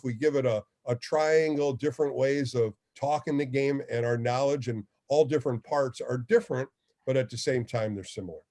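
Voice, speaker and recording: A former ballplayer turned radio host telling stories in a casual interview, acting out the people he quotes. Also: mid-range voice. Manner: animated storyteller, acts out quoted dialogue.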